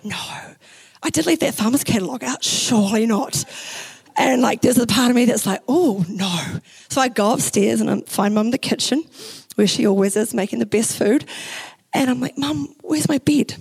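A young woman pastor from New Zealand with a New Zealand accent, preaching a sermon in a chatty, animated way and acting out the quotes in her stories. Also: on the high side, fairly quick, vocal fry, breathy edge, rough recording. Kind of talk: sermon with personal story. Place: church.

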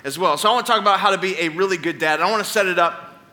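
Speaking rapid-fire in a high-pitched, pushed, bright voice, a man in his thirties delivers a Sunday sermon on a church stage. As pastor, he tells stories and tosses playful asides to the congregation.

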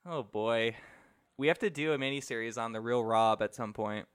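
A man's voice: medium pitch, normal speed, clear, resonant tone. A young man co-hosting a casual movie podcast, laughing often and acting out lines from the film. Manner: animated, laughs often, quotes characters. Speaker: podcast co-host.

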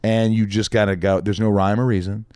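A man, a guest on a podcast, telling a story in a lively way, acting out the voices of the people in it and swearing casually. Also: lowish voice, brisk, clear, resonant tone, no echo, studio quality. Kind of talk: animated storytelling with acted-out quotes.

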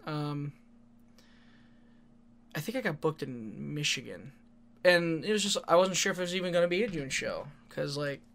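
A man's voice: on the high side, normal speed, creaky, pauses often, fairly bright tone, a little hiss or hum. A man telling rambling wrestling stories in casual talk, swearing freely and laughing often. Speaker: independent wrestler. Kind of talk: casual storytelling monologue.

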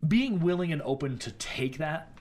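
A man's voice: on the high side, lively intonation, moderate pace. A young man co-hosting a casual podcast chat, rambling and searching for words as he talks. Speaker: podcast co-host, teacher.

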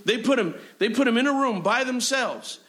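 A man's voice: very high-pitched, expressive, normal speed, bright, forceful tone. A man preaching a sermon as pastor, driving his points with repeated phrases and frequent amens and hallelujahs. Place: church sanctuary.

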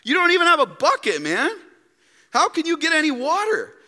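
A man's voice: very high voice, huge pitch swings, fairly quick, sharp tone, voice pushed up, full character voice. A man voicing an incredulous woman at a well who fires mocking, challenging questions. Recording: long hall reverb.

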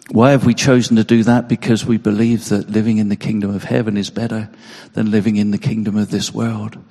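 A man's voice: mid-range voice, a little mellow. Guy preaching a sermon, earnest and kinda emotional, repeats himself, long echoey church hall. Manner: earnest, repeats words when emphasising.

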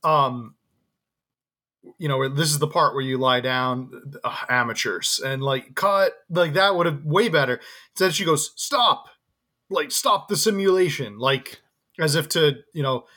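A man co-hosting a movie podcast in casual chat, animated and jokey, with many restarts. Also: medium pitch, a little slow. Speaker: podcast co-host.

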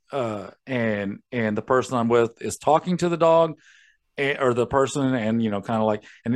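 A man hosting a podcast, ranting and telling stories in a casual, profane way. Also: medium pitch. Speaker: podcast host.

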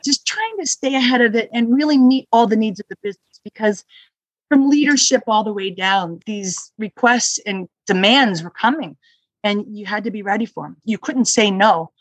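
A woman who manages hospital security, chatting as a podcast guest and telling stories with lively acted-out quotes. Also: medium pitch, moderate pace, dry recording, rough recording. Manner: lively storyteller who acts out quoted exchanges. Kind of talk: casual interview chat.

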